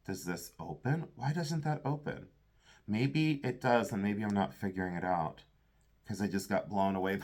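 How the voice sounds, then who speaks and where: A man who sells vintage jewelry, giving casual, enthusiastic commentary as he sorts items and thinks aloud. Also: on the low side.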